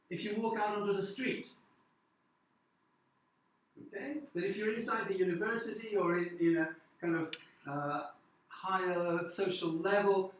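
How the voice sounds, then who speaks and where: A man from the north of England giving a classroom lecture, halting with many fillers and often asking "okay?". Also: sits high, fairly bright tone, reverberant, rough recording. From Newcastle, north of England. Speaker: university lecturer.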